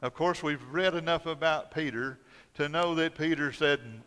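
A male pastor preaching a sermon, telling the story dramatically, swinging between loud emphasis and hushed tones. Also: on the high side, moderate pace. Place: church sanctuary. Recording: long church hall reverb.

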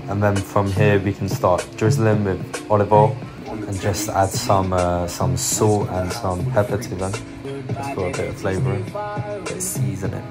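A young man narrating a home cooking video in a casual, joking way, with sardonic asides and easy laughs. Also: low voice. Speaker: cooking vlogger. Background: background music.

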